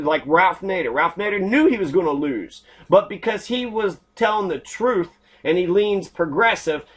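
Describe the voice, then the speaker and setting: A man hosting an online show, delivering an angry, profane political rant full of swearing. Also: high voice. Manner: angry, heavy swearing, ranting. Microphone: computer mic while scrolling screen.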